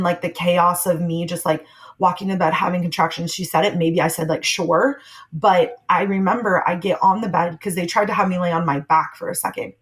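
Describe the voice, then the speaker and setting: A woman's voice: fairly low pitch, fairly bright tone, rough recording. A young adult woman talking candidly and reflectively, recounting her own experience as a podcast guest and acting out what people said. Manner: candid, reflective, acts out quoted voices with laughs. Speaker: guest sharing her birth story. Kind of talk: conversational storytelling.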